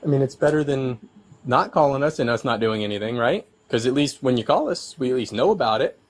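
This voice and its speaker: A man working as a police officer, patiently explaining things to a resident with many halting restarts, recorded on his bodycam. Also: mid-range voice, expressive, slight background noise. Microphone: his own bodycam.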